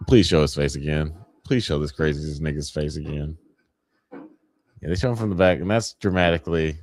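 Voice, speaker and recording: A man's voice: rumbling low, normal speed, darkish tone, no room sound. A man hosting a podcast live watch party, chatting casually and profanely, groaning and laughing at gory scenes. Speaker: podcast host.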